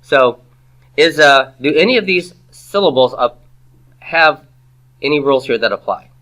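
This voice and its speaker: A Hebrew grammar teacher with a medium-pitched, sharp-toned voice and lively intonation lectures his class at an unhurried pace. He patiently poses questions to the students and repeats their answers back.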